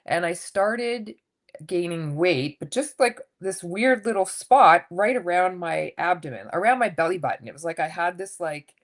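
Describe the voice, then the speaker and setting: Woman, 50s, low voice, frank storyteller guest on a chat podcast. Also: moderate pace. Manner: candid, animated, swears casually. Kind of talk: casual interview storytelling.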